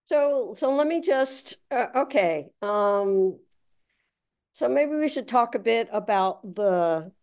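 A woman interviewer asking long questions in a halting way, with frequent fillers. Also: a little high, lively intonation, darkish tone, smooth. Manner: halting, full of fillers while forming questions.

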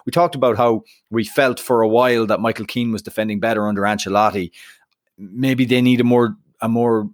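A man's voice: fairly low pitch, dry recording, clean studio sound. A man co-hosting a football podcast in casual chat, talking in loose bursts with restarts. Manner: chatty, lots of restarts and fillers. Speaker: podcast co-host.

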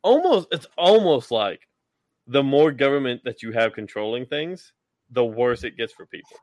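A man's voice: mid-range voice, expressive, normal speed, a little mellow, no echo. A man co-hosting a casual podcast chat, talking in a sarcastic, mocking way. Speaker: podcast co-host.

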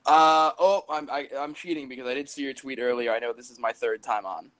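A man's voice: mid-range voice, brisk, a bit bright, poor audio. A man joining a podcast as a guest over a call, joking in a dry, self-deprecating way in casual chat. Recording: call with dropouts.

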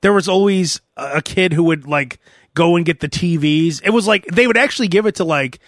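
A man in his thirties hosting a podcast, telling rambling, animated stories and laughing as he goes. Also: high-pitched, a little fast, no echo, clean studio sound. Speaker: podcast host. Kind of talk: casual podcast chat.

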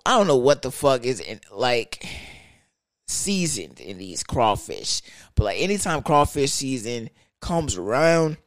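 A man's voice: medium pitch, dry recording. A young man telling a profane, slang-heavy story rant.

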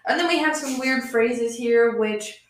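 A young woman, chatting casually as a podcast co-host and telling animated stories with frequent laughs. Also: fairly high pitch, measured pace, roomy sound. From West Virginia. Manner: laughs often, animated storytelling. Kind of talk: casual chat.

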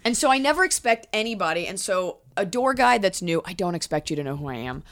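A woman in her thirties, a comedian guest chatting on a podcast and telling quick stories full of acted-out quotes. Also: on the low side, sing-song, a bit bright. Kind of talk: casual podcast chat.

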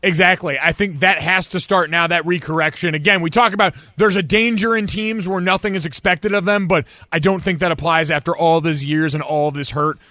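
This is a young male host on a sports radio talk show. His voice sits high and sounds bright and forward. He is recorded close and dry, and he delivers emphatic, fast-moving takes on the games. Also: fairly even intonation, dry recording.

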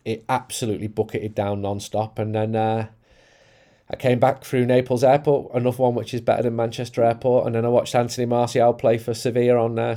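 A man with a darker, mellow voice talks in a relaxed, casual way. His storytelling is dry and wry, with a few small restarts as he goes. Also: medium pitch. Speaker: football podcast regular. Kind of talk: casual anecdote-telling.

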